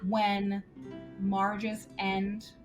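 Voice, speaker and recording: A woman narrating a tabletop game as game master, describing the action in a lively way. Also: mid-range voice, drawn-out words, over music.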